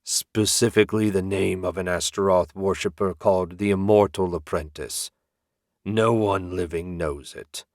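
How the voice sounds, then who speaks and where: A man voicing a cold, commanding male dragon in an audiobook, speaking slowly and with threat. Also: low voice, steady tone, a little mellow, dry recording, clean studio sound. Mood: menacing. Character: commanding, menacing male dragon in human form. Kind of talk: audiobook character voice.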